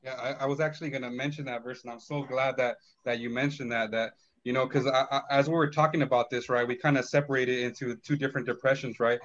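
A man in a Christian discussion, speaking slowly and thoughtfully, with many fillers and frequent "right?" checks. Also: mid-range voice, fairly bright tone, muffled recording. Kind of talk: casual faith discussion.

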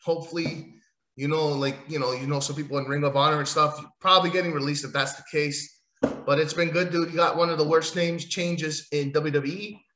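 A man giving a rambling, crude and mocking recap of wrestling, breaking into loud outbursts. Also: a little high, fairly even intonation, brisk, roomy sound. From Italian heritage. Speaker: wrestling commentator. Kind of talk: profane casual wrestling recap.

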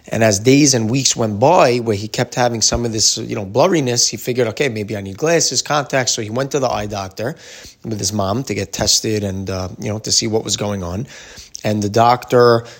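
A man's voice: fairly low pitch, gravelly. Casual man telling a story. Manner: casual, lots of fillers. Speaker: teacher. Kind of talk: storytelling lesson.

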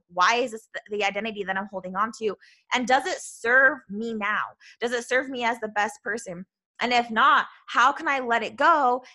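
A woman hosting a motivational podcast as a self-love coach, talking loud and bubbly and earnest, often adding "right?" to her points. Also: on the high side. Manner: earnest, with many "right?" tags.

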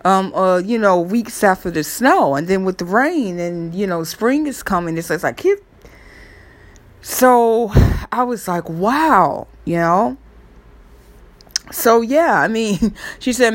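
A woman's voice: medium pitch, lively intonation, takes it slowly. A woman casually retelling a story in a rambling, chatty way, with many fillers and restarts. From New York area. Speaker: true crime vlogger.

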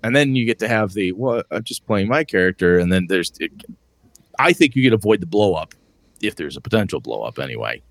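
A man's voice: sits low, big pitch swings, fairly quick, gravelly, dry recording. A man co-hosting a podcast, chatting casually and rambling through stories while acting out his friends' lines. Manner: rambling storyteller who acts out friends' lines. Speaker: podcast co-host. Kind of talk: casual chat about tabletop gaming.

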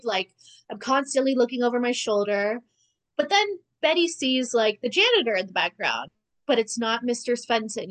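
A woman's voice: fairly high pitch, fairly bright tone, rough recording. A young woman co-hosting a casual podcast, recapping a TV episode in a chatty, sarcastic way, full of "like". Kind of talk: casual chat.

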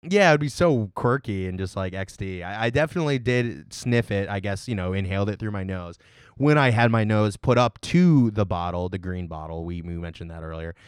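A man co-hosting a casual beer review podcast, rambling through deadpan jokes. His voice is smooth and clear, and the sound is dry and close. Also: lowish voice, a little fast, no room sound. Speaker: podcast co-host.

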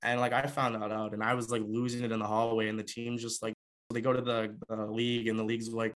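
A man's voice: fairly low pitch, completely flat delivery, fast talker, fairly bright tone. Young man telling a story casually. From Canada. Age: young adult. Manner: conversational, many "like" fillers. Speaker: former hockey player.

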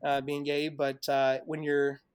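Man, podcast guest, higher-pitched, dry close sound, rambling storyteller, laughs a lot. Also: completely flat delivery, a little slow, clean tone, no echo. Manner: chatty, laughs often while telling stories; loose storyteller, many fillers and restarts. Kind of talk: casual interview chat.

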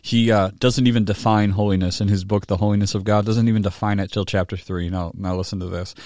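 Male pastor, low-pitched, dry close sound, conversational sermon delivery with tag questions. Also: fairly even intonation, quick pace, hardly any pauses, darkish tone, no echo. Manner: rises in pitch and volume when reading a quoted book aloud. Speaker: pastor teaching a Bible study.

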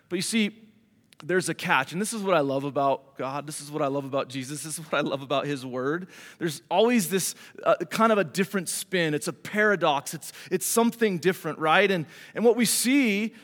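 High-voiced man preaching in a reverberant hall. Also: a bit bright. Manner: conversational preaching, rhetorical questions, calls for amen. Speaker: pastor. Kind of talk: sermon.

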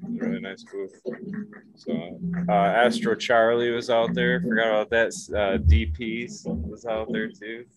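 A man's voice: fairly low pitch, fairly even intonation, measured pace, crowd noise, low-quality recording. A man chatting casually as a guest, recounting a day out and rambling with many fillers. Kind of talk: casual chat.

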